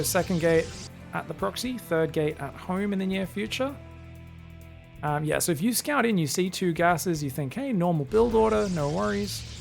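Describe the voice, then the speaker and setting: A man casting a strategy game on his own, talking casually through each move and breaking into loud excited bursts. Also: a little high, creaky. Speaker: esports caster. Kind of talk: solo play-by-play game commentary.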